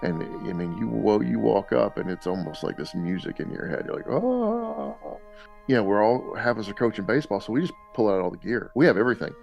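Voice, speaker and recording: A man casually telling lively anecdotes on a podcast, laughing often. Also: on the low side, fast, creaky, hardly any pauses, lo-fi sound, soft background music. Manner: animated storyteller, laughs often. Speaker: podcast guest dad. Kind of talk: casual storytelling.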